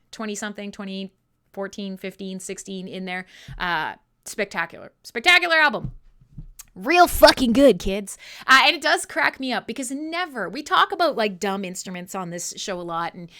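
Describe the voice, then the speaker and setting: A woman with a mid-range voice hosts a live metal radio show. She chats casually with listeners in an animated, profane way and often laughs at herself.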